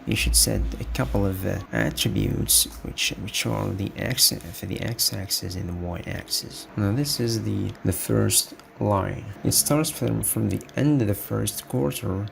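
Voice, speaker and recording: A man giving an unhurried screencast coding tutorial, explaining step by step with frequent restarts. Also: on the low side, gravelly, a little hiss or hum. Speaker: web development tutor.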